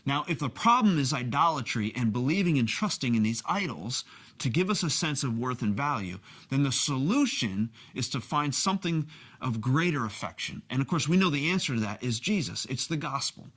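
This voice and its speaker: A man's voice: medium pitch, very animated, brisk, fairly bright tone. A man in a teaching talk on discipleship, earnest and personal, drawing on stories from his own marriage.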